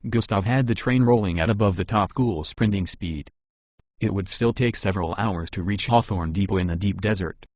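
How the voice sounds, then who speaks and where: A man reading an audiobook as its narrator, in a steady, even scripted narration. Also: on the low side, no echo.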